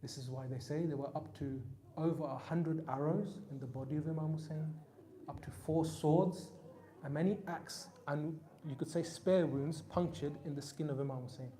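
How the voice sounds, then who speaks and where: A man preaching a Muharram sermon, telling stories with emphatic peaks that drop to soft, quiet lines. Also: on the high side, steady tone, moderate pace. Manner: storytelling, rising to emphatic peaks then dropping soft. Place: mosque hall.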